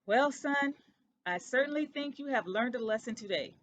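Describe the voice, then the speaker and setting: A woman voicing a gentle, understanding mother mouse who speaks reassuringly. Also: high voice, lively intonation, moderate pace, slight background noise, pitched above the performer's own voice. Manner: soft, reassuring.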